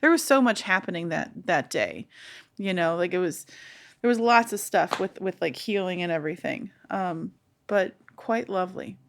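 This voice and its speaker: A woman's voice: lowish voice, expressive, moderate pace, a little hiss or hum. Encouraging woman hosting a podcast. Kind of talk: casual conversation.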